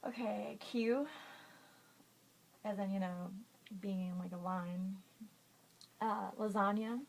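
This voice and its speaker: Female vlogger, unhurried and giggly, home webcam sound with slight background noise. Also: mid-range voice, gravelly, darkish tone, rough recording. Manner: giggly, self-conscious, drawn-out reading. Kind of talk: casual word-list reading vlog.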